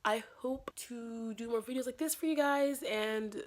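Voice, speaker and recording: A woman's voice: fairly high pitch, a little slow, a little hiss or hum. A young adult woman telling a casual storytime vlog, chatty and filling her talk with "like". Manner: chatty, says "like" constantly. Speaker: vlogger.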